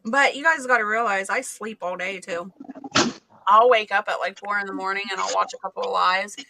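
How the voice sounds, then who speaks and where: A woman's voice: medium pitch, steady tone, brisk, gravelly, sharp tone, rough recording. A woman co-hosting a casual livestream, chatting, laughing often and reading out viewer comments. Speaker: livestream co-host reading chat.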